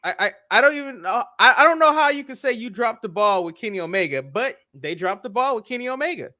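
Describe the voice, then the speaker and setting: Um homem, co-apresentador de podcast, em conversa descontraída, reclamando com exasperação e hesitando. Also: male voice, very high voice, lively intonation, fast, bright, forceful tone. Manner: exasperated ranting, restarts. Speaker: podcast co-host. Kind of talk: casual chat.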